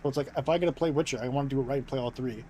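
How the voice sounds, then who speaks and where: A man's voice: medium pitch, racing, warm tone, low-quality recording. A young American man chatting casually on stream in a mid-range voice, rambling and restarting his sentences with lots of fillers. A faint noise sits under his voice. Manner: rambling, filler-heavy, self-interrupting.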